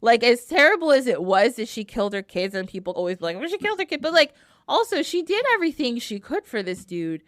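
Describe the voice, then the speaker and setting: A woman retells an old myth casually in a lively, swooping voice, dropping "like" constantly. She sits a little high in pitch for a woman, and the sound is dry and close. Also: a little fast, no echo. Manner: animated, heavy use of "like". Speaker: podcast guest. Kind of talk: casual storytelling.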